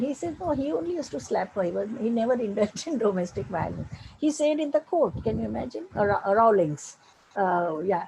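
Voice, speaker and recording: Gravelly-voiced older Indian woman. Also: fairly high pitch, warm tone, slight background noise, low-quality recording. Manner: earnest, emphatic, many restarts. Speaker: women's rights activist. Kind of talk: panel talk.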